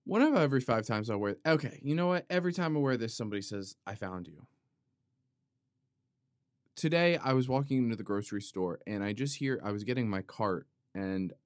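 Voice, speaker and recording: A man hosting a podcast, talking in a playful, rambling comedic monologue that wanders off on tangents, with sudden loud outbursts. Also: on the low side, no room sound, clean studio sound. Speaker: podcast host.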